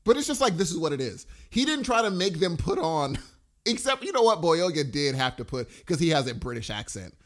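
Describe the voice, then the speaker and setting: A fairly high-voiced man talks about a movie in a loose, rambling way, his pitch leaping up and down as he gets excited. It is casual chat between friends, full of restarts and asides. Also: a little fast. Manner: animated, rambling and enthusiastic, with big pitch jumps.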